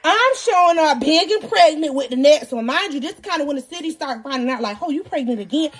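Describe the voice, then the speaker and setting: A young woman telling her own story to viewers in an animated, dramatic way, often laughing and swinging from loud to hushed. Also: sits high, a little fast.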